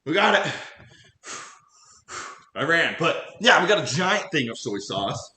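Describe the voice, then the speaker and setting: A man's voice: a little high, very animated, a little slow, sharp tone, reverberant. A man chatting casually with his live chat while cooking at home, goofy and laughing often. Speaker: cooking streamer. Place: home kitchen.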